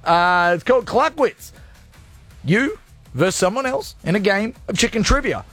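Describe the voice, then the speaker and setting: A man's voice: high voice, lively intonation, normal speed, a bit bright, soft background music. A male radio host chatting on air in a playful, jokey, rambling way from a studio. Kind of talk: energetic radio show chat.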